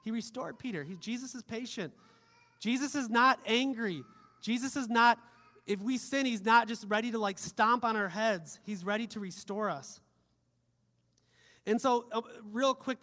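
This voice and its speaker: This sermon comes at a moderate pace from a man whose voice sits fairly high. He alternates forceful declarations with hushed passages and slips in offhand jokes the way a pastor might with his home church, all under the lengthy echo of a large hall.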